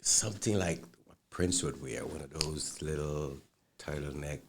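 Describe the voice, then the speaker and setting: A Jamaican man with a strikingly deep, low voice talks as a podcast guest. He tells his stories in an easygoing way and pauses often on fillers. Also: background noise. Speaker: guest, clothing designer. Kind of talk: interview talk.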